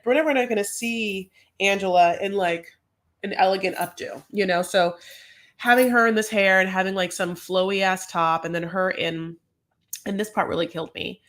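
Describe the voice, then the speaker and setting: A woman's voice: medium pitch, a bit bright. An American woman hosting a casual recap, talking in a chatty, gossipy, sassy way. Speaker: host. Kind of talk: casual reality-show recap.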